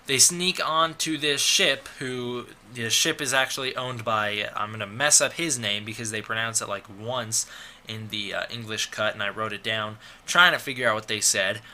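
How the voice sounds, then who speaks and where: Guy rambling thru a movie recap, lots of ums, kinda sarcastic, super bright sharp voice. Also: mid-range voice, moderate pace, slight background noise. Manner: rambling, filler-heavy, sarcastic. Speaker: movie reviewer. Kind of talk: casual film review recap.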